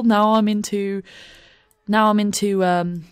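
A woman's voice: medium pitch, big pitch swings, normal speed, dry recording, studio quality. A woman giving chatty, giggly let's play commentary into a desk microphone at home. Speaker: gaming YouTuber.

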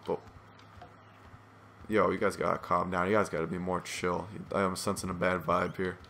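A man's voice: low voice, little pitch movement, normal speed, vocal fry, sharp tone, slight background noise. A man giving casual gameplay commentary, rambling, swearing and self-deprecating, sounding tired and yawning.

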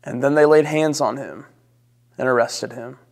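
A man's voice: mid-range voice, fairly even intonation, vocal fry, a little mellow. Male pastor, solemn scripture reading and prayer, long hall reverb. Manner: slow, solemn, measured reading. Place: church sanctuary.

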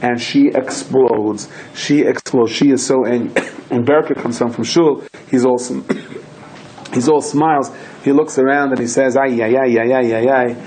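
A man of middle pitch giving a storytelling Torah talk. He tells his stories with lively delivery and slips into his characters' voices as he goes. Faint ambient noise sits quietly behind him. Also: measured pace, low-quality recording. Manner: animated storyteller who acts out voices and shouts in quoted lines. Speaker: rabbi.

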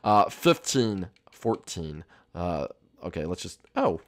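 A boastful young koopa prince, played by a man in a Minecraft role-play, taunting the others with a voice that swoops wildly up and down. He is excitable and shouts out his countdowns. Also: low-pitched, takes it slowly, pitched below the performer's own voice, heavily acted.

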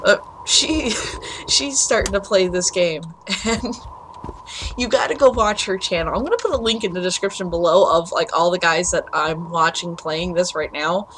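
A woman's voice: lowish voice, normal speed, a bit bright, a little hiss or hum. A woman commentating a horror game, jumpy and swearing when startled, rambling in chatty asides to her viewers. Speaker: gameplay video host.

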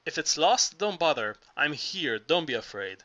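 Male reader doing a bright, forceful, earthy older Greek man, coaxing and urgent, lots of restarts. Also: a little high, sing-song, normal speed. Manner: urgent, coaxing, persuasive talk with frequent stumbles and restarts. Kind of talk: audiobook reading.

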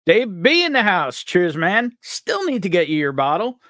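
A cheerful man from upstate New York hosts a live stream, joking around as he greets viewers. His voice sits a touch high and swings up and down with lots of life. The sound is dry, with no room echo. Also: huge pitch swings, normal speed, a bit bright. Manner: upbeat, jokey, reads out chat names. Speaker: livestream host.

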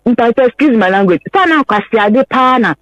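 A woman's voice: a little high, animated, moderate pace, dry recording, dull audio. A woman from Ghana, a caller, earnestly recounting her personal story on a radio phone-in, pleading and repeating herself.

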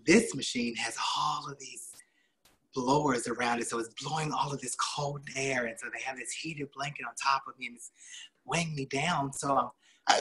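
A man hosting a motivational show, telling a personal story in a chatty, laughing, animated way. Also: mid-range voice, low-quality recording. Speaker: host.

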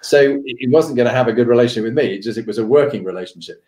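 A middle-aged man, a podcast host being interviewed, telling an anecdote with animated delivery. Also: mid-range voice, very fast. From United Kingdom. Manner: animated, acts out the voices of the people in his stories. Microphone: video call. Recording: roomy echoey room.

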